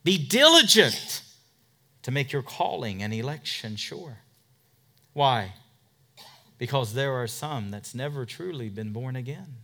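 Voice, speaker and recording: A man pastor preaching a sermon, emphatic, swinging from loud declarations to hushed asides and asking rhetorical questions. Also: mid-range voice, a little slow. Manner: asks the congregation rhetorical questions.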